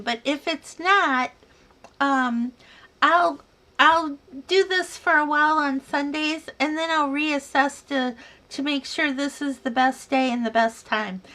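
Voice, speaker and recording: A high-voiced woman chats through a yarn livestream at home. She takes her time, reads viewer comments one by one, and answers each with a friendly "dear" or "sweetheart.". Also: fairly bright tone. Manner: chatty, calls viewers dear, sweetheart and honey. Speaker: yarn crafting livestream host. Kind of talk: casual live chat reading viewer comments.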